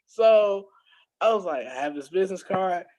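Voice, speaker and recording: High-voiced man telling a lively story. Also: normal speed, lo-fi sound. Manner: animated, laughs often, acts out quoted dialogue. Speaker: podcast guest. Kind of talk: casual storytelling.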